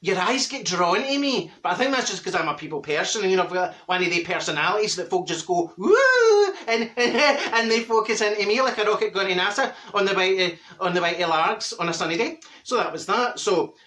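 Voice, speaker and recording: A man doing a gossipy Glaswegian auntie, high-pitched. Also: a little fast, hardly any pauses, bright, forceful tone. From Glasgow, Scotland. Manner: gossipy, cackling, full of wee asides. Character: chatty gossiping middle-aged Glasgow woman, vain. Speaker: comedy character monologue. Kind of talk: comic character monologue.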